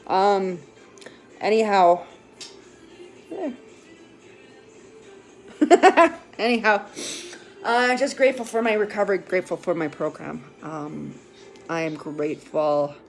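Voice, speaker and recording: Faint music plays behind a woman who speaks slowly and expressively in a mid-range voice, pausing often. She's a vlogger opening up about her recovery, rambling casually with lots of fillers and restarts, the odd curse word, and a tearful quality.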